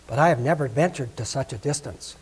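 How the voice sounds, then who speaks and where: A man's voice: mid-range voice, brisk, breathy edge. A man voicing a fussy, proud mother duck who scolds and frets in a raised voice. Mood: fussing.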